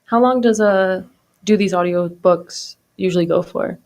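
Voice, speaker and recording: Woman interviewer, lowish gravelly voice, relaxed, gives short affirmations. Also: measured pace. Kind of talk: casual interview chat.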